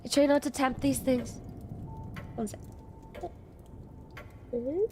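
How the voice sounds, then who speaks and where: A woman's voice: high voice, fairly even intonation, slow, warm tone, faint music behind. A young woman streamer chatting casually as she plays a game, rambling and answering chat with laughs. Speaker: VTuber streamer.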